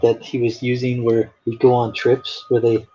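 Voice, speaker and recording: With a mid-range, mellow voice and completely flat delivery at a moderate pace, a man chats casually while hosting a live stream as an artist. His stories ramble with plenty of fillers, and the dull lo-fi audio has a little hiss or hum.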